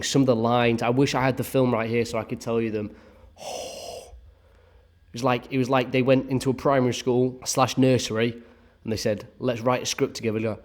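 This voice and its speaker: Young guy, mid-pitched, ranting sarcastically through a bad-film review, swears freely.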